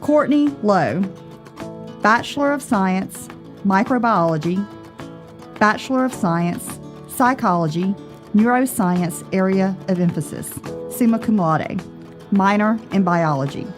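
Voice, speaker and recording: A woman announcer reads out graduates' names and degrees at an unhurried, deliberate pace. Her delivery is formal and measured, with faint music playing beneath her voice. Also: mid-range voice, lively intonation. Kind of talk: formal name reading.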